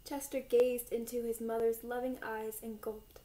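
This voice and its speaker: A young woman, a volunteer reader, calmly reading a children's picture book aloud. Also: a little high, a little slow, poor audio.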